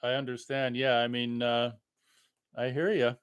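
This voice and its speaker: An easygoing man in casual podcast chat, agreeable and brief in his replies. His voice is smooth and resonant. The sound is close and dry. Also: mid-range voice, level tone, unhurried, dry recording. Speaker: podcast co-host.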